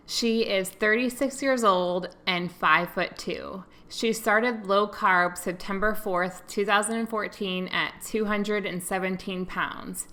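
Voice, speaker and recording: A woman's voice: mid-range voice, bright, forceful tone. A young adult woman giving a casual, earnest and emotional to-camera update as a vlogger.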